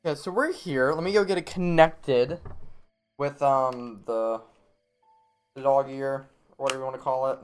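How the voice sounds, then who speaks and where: A young man gives casual live commentary and tips as he streams a game, talking at a moderate pace in a mid-range voice with a clean tone. Soft music plays in the background, and he's chatty, with frequent laughs and plenty of fillers.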